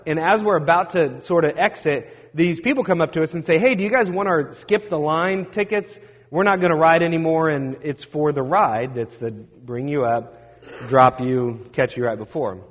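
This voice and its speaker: Male pastor, sermon storytelling, slightly high voice, long church reverb, dull sound. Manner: animated, self-deprecating storyteller.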